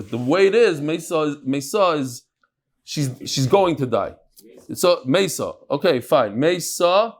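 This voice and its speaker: A middle-aged man teaching a daily Talmud class in a conversational way, with frequent asides and restarts. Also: a little high. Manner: conversational, mixes Hebrew and Aramaic terms, frequent restarts and asides.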